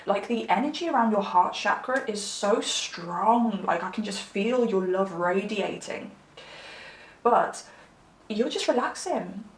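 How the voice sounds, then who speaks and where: A woman's voice: mid-range voice, lively intonation, a little slow, a little hiss or hum. A woman reads tarot for her viewers in a chatty, affectionate, rambling way, full of fillers and asides. She sounds slightly under the weather. Her mid-range voice bounces around an echoey room. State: slightly unwell. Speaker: tarot reader. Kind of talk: pick-a-card tarot reading.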